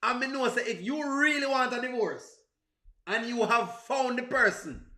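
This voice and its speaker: Jamaican guy on a livestream chatting w viewers, high bright voice, laughs a lot, echoey room. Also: normal speed. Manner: chatty, laughs often, exclaims to himself. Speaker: livestream host. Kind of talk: casual livestream chat answering viewers.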